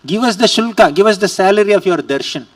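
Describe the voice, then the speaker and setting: Guy doing pleading, reproachful young devotees, high voice, a bit far from the mic. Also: animated, fast.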